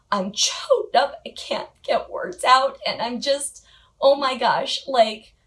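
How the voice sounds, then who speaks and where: Chatty woman vlogger, laughing easily. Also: on the high side. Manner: chatty, frequent little laughs and filler words. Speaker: motorcycle gear vlogger. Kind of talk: casual storytelling to camera.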